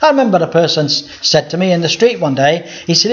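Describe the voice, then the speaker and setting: Pastor preaching, lo-fi sound. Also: male voice, a little high, big pitch swings, quick pace, a bit bright. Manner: emphatic, rhetorical questions to the congregation. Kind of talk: Bible teaching sermon. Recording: dull lo-fi recording.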